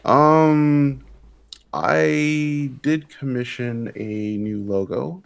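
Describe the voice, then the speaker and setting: A man's voice: lowish voice, unhurried, vocal fry. A man from Canada co-hosting a casual gaming podcast, giving short explanations with hesitant fillers. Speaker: podcast co-host.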